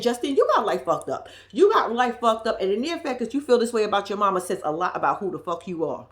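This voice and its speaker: A woman's voice: mid-range voice, very animated, fast talker, hardly any pauses. A woman with giving a blunt, profane, casual recap of a reality show, with laughing asides.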